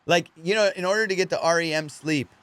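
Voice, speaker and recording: Male comic podcast host, higher voice, dry close studio sound, animated profane storyteller. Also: quick pace, smooth, no echo. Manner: animated, profane, laughs often. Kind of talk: casual comedic storytelling.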